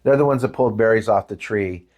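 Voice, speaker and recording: A man's voice: lowish voice, fast. An older man giving a talk to parents, telling stories with acted-out quotes and asking the audience questions. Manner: animated storytelling with acted quotes. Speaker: presenter.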